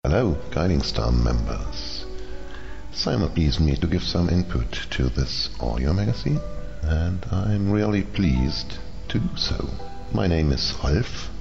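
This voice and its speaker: A man from Germany speaking English with a German accent, giving a friendly, unhurried introduction and explaining simple phrases in his native German. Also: very deep voice, lively intonation, gravelly, darkish tone. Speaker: contributor to an audio magazine. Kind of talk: casual spoken introduction and language lesson. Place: home room. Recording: dull lo-fi recording with music behind.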